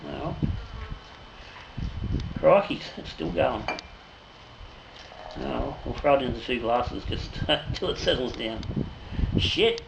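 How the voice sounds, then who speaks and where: Slow and medium-pitched with vocal fry, this man pauses often. He hosts his own channel as a home brewer, drawing raffle winners in casual chat full of jokes and swearing, trailing off and restarting. The recording has echo and noticeable noise.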